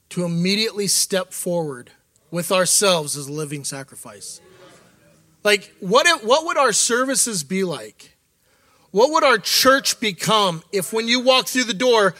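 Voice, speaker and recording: A man's voice: sits high, bright, forceful tone, no echo. A middle-aged man giving a candid, conversational sermon as an associate church leader. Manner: candid, conversational preaching with quoted asides.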